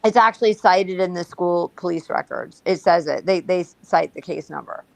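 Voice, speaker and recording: A woman's voice: on the low side, normal speed, gravelly, no echo, low-quality recording. A woman telling her story bluntly and profanely in a casual livestream talk. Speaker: guest.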